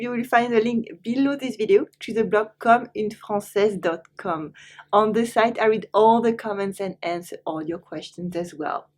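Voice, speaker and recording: A woman with a French accent teaching French, saying each word twice slowly and then translating it into English. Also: fairly high pitch. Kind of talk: online language lesson.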